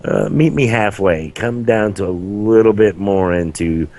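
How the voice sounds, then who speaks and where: A man's voice: lowish voice, a little slow, dark tone. A young man co-hosting a podcast, chatting casually and restarting his sentences often. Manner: chatty, hesitant with many restarts. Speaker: podcast co-host. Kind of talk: casual chat.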